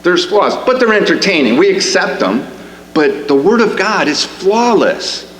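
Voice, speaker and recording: A man's voice: sits high, sing-song, measured pace, fairly bright tone. A man preaching a sermon in a church, conversational and rising to emphatic questions, with frequent restarts. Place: church sanctuary. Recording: echoey hall with faint hum.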